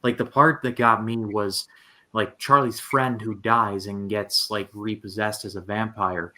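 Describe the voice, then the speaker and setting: A man's voice: fairly low pitch, fairly even intonation, a little slow, bright, forceful tone, poor audio. A man hosting a casual movie chat, talking loosely with lots of filler words. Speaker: host of a movie review channel.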